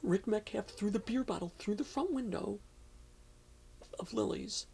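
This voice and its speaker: A man's voice: sits high, a little slow, creaky, darkish tone, slightly rough. A man interviewee telling a long story in casual talk, rambling with many fillers and restarts.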